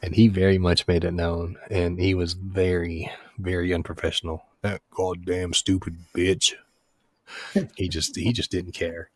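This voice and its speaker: Man, deep flat voice, dry mic, casual co-host. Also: moderate pace, few pauses, no room sound. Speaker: podcast co-host, corrections officer. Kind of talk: casual chat.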